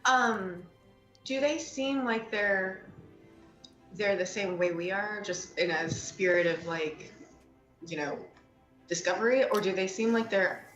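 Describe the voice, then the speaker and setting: A woman's voice: mid-range voice, slow, fairly bright tone, muffled recording, soft background music. A woman player at a tabletop game, asking hesitant questions. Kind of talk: casual chat at a tabletop game. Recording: echoey room.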